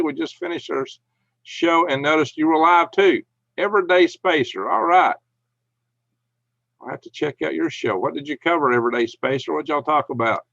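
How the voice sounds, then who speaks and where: A middle-aged man with a gravelly, creaky voice hosts a casual livestream from home, reading out viewer comments and answering them in a folksy, chuckling way. The sound is dry and a little dull, like a lo-fi home mic. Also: medium pitch, fairly bright tone, no room sound. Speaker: livestream host.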